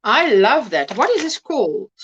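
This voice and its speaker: A woman's voice: fairly high pitch, very animated, moderate pace, highs cut off, a little hiss or hum. A woman hosting a casual crochet livestream, chatting, exclaiming over projects and greeting viewers by name. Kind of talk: casual live-stream chat.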